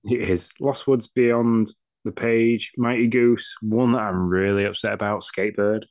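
A man co-hosting a casual gaming podcast, easygoing and quick to chuckle as he reads through lists. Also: lowish voice, steady tone, a little mellow, no room sound. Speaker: podcast co-host. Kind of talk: casual chat.

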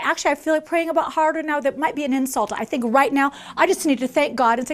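Brief: woman preacher, bright high voice, emphatic, hammers phrases home. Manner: emphatic, repeats key phrases, acts out quoted voices; slows down to stress scripture lines. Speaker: mother. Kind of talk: conference sermon.

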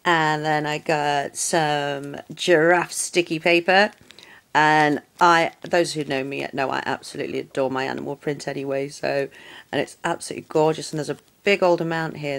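A woman chats casually through a nail art unboxing, gushing over every item. Her voice sits a little low and she keeps her tone effusive throughout. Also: fairly even intonation, moderate pace, gravelly, a bit bright.

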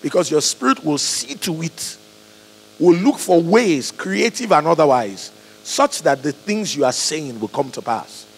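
Guy preaching, lively up-and-down voice, bit high, long hall echo with a faint hum. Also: unhurried. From Nigeria. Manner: animated, acts out quoted voices, swings loud and soft. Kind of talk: sermon.

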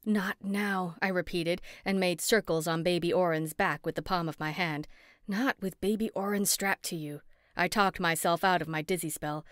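Brief: woman narrator, lower pitch, expressive, dry close-miked studio read. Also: clear, resonant tone, dry recording. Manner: lively, expressive dialogue. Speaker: audiobook narrator. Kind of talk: first-person audiobook narration.

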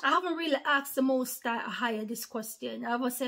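A woman preaching an informal sermon to online followers. She talks earnestly, repeats herself, calls listeners brothers and sisters, and swings between hushed whispers and emphatic raised lines. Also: a little high, brisk, gravelly, hardly any pauses.

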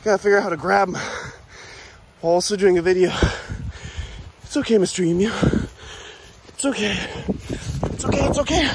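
A high-voiced man, winded from running, narrates his own outdoor vlog in bursts of excited chatter. The audio is rough phone-camera sound in an open field, with wind and outdoor noise clearly audible behind him. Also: brisk, pauses often. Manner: excited, breathless, repeating himself while chasing an animal. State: out of breath. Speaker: vlogger.

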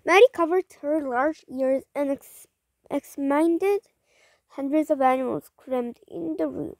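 Female reader, high-pitched, halting delivery with frequent self-corrections, dry close recording. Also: creaky, a little mellow, dry recording. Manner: halting, rereads and corrects words. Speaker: storybook reader. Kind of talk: reading a children's story aloud.

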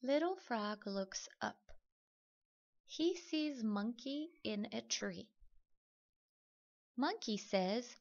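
A woman reading a children's story aloud, slow, careful and clear. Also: a little high, lively intonation, muffled recording. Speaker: storybook reader.

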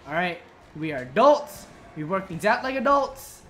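A woman commenting on her own gameplay, scolding the monster like an unruly child, swearing and yelling when things go wrong. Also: lowish voice, very animated, normal speed, faint music behind. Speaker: gamer.

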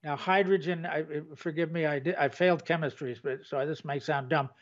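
A man's voice: a little high, steady tone, brisk, lo-fi sound. A man co-hosting a casual chat, plainspoken with a self-deprecating sense of humor. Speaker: co-host.

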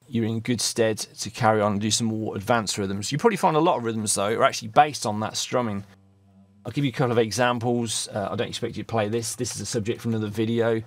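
A man teaching a guitar rhythm lesson, patiently counting beats aloud and encouraging the player as he strums. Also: on the low side. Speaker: music teacher. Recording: loud backing music under voice. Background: guitar and drum track playing.

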